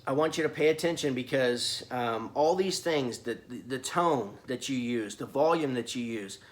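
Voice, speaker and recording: A man's voice: mid-range voice, moderate pace. A man giving earnest business advice in a casual video, asking the listener many questions and often restarting his words. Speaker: business coach.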